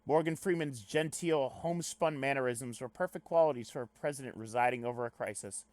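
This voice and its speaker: A young man reading a webcomic aloud on stream, breaking off into loud, animated asides. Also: medium pitch, a little fast, dry recording. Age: young adult. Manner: animated, swings to loud excited rants.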